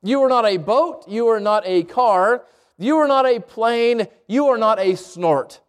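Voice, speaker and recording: A man's voice: high-pitched, expressive, measured pace. A man voicing a newborn baby bird searching earnestly for its mother, close to his own voice.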